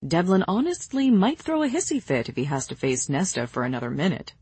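Woman voicing a cold, low-voiced fae high lord. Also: huge pitch swings, a little fast, breathy edge, heavily acted. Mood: cold, commanding. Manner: quiet, controlled menace.

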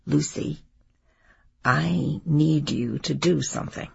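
A woman voicing a dying older mother who speaks quietly and decisively. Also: low-pitched, slow pace, vocal fry, husky, highs cut off, heavily acted. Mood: quiet firm. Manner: quiet, whispery.

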